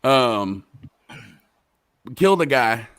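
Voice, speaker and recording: Fiery profane man, bright voice. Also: sing-song, extremely slow, clean tone. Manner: profane, impassioned, swings from low mumbles to loud rants. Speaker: podcast host. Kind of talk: heated casual discussion.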